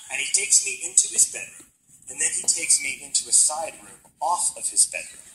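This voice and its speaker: A male stand-up comedian, telling a story on stage with animated bursts and shouted punchlines. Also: fairly high pitch, moderate pace, rough recording. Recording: live show with audience noise.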